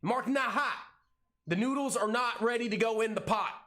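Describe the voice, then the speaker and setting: A man hosting a live day-trading stream, calling out prices and cracking jokes in an excitable, hyped way. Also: very high-pitched. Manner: excitable, hyped, jokey, calls out prices rapidly. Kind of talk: live trading commentary and banter.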